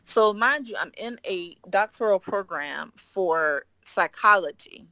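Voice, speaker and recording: A woman in her forties telling a personal story as a guest, acting out the quoted dialogue with lively energy. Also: mid-range voice, slow, dry recording. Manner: animated, acts out quoted dialogue. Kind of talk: casual storytelling.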